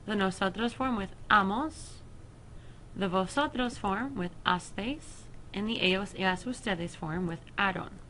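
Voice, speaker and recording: A woman teacher explaining a Spanish grammar lesson to her students, slowing down to spell out each verb form. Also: mid-range voice, fairly bright tone, a little hiss or hum. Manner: slow, careful explanation with deliberate pauses over verb forms. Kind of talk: recorded flipped-classroom lesson.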